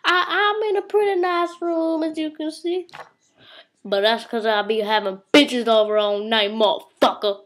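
A woman's voice: a little high, fairly even intonation, normal speed. A woman ranting to a webcam in a room, boastful and rambling, cursing constantly as she tells tall stories. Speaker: vlogger. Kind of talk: comic profane rant to camera. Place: indoor room.

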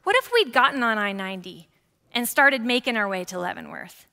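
A woman in her forties preaching a sermon as pastor, lively and conversational, with frequent asides to the congregation. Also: on the high side, fairly quick, vocal fry. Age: 40s. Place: church sanctuary. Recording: church hall with long reverb.

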